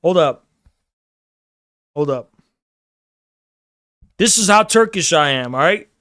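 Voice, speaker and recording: A man's voice: a little high, expressive, takes it slowly, fairly bright tone, no echo, studio quality. A man delivering a provocative, emphatic ranting monologue, repeating phrases for effect. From United States. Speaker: political commentator.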